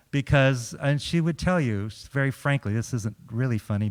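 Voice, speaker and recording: A middle-aged man, a chaplain, telling humorous stories to a congregation, acting out quotes and laughing often. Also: medium pitch. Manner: lively storyteller, acts out quotes and laughs often. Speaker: chaplain speaking at a church. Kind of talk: humorous storytelling talk to a congregation. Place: large church hall. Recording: long hall reverb.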